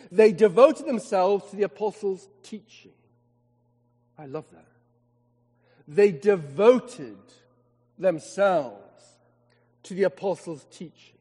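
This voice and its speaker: A higher-pitched man preaching from the pulpit. He leans on rhetorical questions and slows down to stress key words. His voice carries a long reverb, as in a large church. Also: a little mellow. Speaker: vicar. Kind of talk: sermon.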